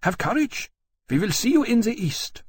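A man voicing a fierce, proud and scornful queen in an audiobook, in a husky voice with an urgent, imperious delivery. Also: high-pitched, big pitch swings, moderate pace, no room sound, voice pushed up, heavily acted. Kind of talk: audiobook character voice.

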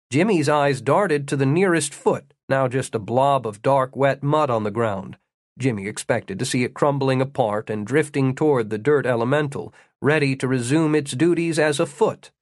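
Steady male audiobook narrator, dry sound. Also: mid-range voice, no room sound. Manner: steady, measured storytelling. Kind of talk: scripted fantasy narration.

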